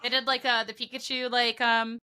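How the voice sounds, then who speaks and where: A young woman co-hosting a podcast, telling a long story in lively, casual chat, laughing often as she goes. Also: a little high, a little fast, clean tone. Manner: animated storytelling with frequent laughter. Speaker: podcast co-host and broadcast commentator.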